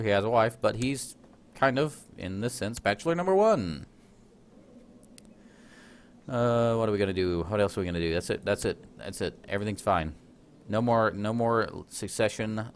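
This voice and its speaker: Let's play host, male, low voice, casual and self-deprecating, faint background noise. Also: brisk. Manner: chatty, self-deprecating, laughs at himself. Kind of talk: casual gameplay commentary.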